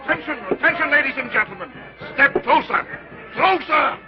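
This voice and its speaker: An actor playing a booming, hard-selling carnival sideshow barker in a 1930s film. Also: male voice, animated, normal speed, faint music behind. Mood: hawking. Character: loud male sideshow barker. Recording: dull 1930s film soundtrack.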